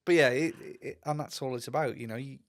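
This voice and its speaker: A man's voice: mid-range voice, quick pace. A middle-aged man co-hosting a podcast in casual chat, laid-back and chummy. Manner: laid-back, chummy, often says "mate". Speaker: podcast co-host.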